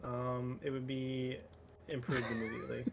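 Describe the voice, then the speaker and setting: A man streaming a game with a friend, chatting in a relaxed, rambling way and swearing freely. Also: mid-range voice, moderate pace, gravelly. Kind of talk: casual gaming chat.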